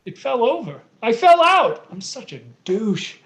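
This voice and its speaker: A woman reading the part of a lovesick young American man in a live play reading over a video call, with a lively, dramatic rhymed delivery. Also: a little high, a little slow. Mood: earnest.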